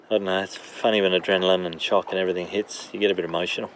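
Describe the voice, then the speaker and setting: A middle-aged man in shock, talking haltingly with many pauses as he records a video diary aboard his damaged boat. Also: low-pitched, steady tone, a bit bright, slight background noise. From Australia. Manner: halting, filler-heavy. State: in shock, emotional. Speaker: sailing vlogger.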